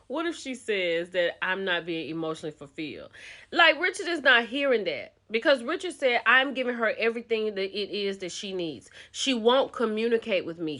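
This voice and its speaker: A woman host recapping a reality show in a chatty, animated storytelling way, speaking. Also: medium pitch.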